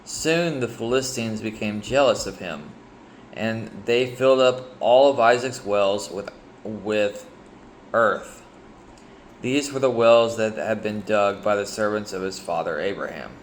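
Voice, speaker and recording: A man reading a Bible chapter aloud and pausing to reflect on it, hesitant and sleepy, with frequent ums and restarts. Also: fairly low pitch, a little hiss or hum. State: sleepy, yawning. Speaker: Bible reader sharing reflections.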